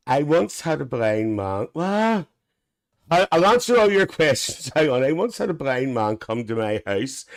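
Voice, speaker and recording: A man's voice: a little high, a bit bright, exaggerated voice. A man playing a cheeky, gossipy Northern Irish aunty with a Northern Irish accent, hosting a live stream in chatty, bawdy banter full of cackles.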